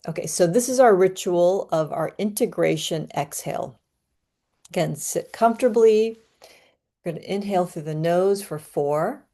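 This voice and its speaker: A woman giving an astrology reading and guiding a breathing ritual in a calm, soothing, unhurried way. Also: lowish voice. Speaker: astrology reader. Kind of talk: guided breathing and astrology talk.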